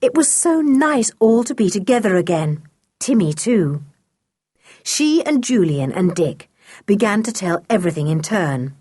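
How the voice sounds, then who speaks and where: A woman narrating a children's audiobook with an expressive reading. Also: mid-range voice, measured pace, breathy edge, dry recording, studio quality. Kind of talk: storybook narration.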